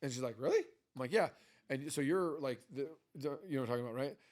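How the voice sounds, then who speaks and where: A man's voice: medium pitch, fast, darkish tone. A man in his thirties co-hosting a podcast with his wife, talking in a loose, rambling way and acting out quoted exchanges. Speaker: podcast co-host. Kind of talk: casual chat.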